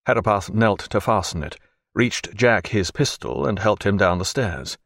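A man narrating a novel chapter in measured, expressive storytelling. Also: lowish voice, dry recording, studio quality. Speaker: audiobook narrator. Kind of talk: scripted narration.

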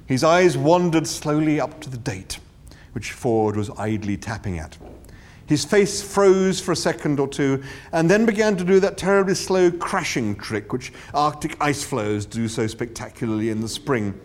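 Wry, animated male audiobook narrator. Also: a little high, normal speed. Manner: wry, theatrical, with comic timing.

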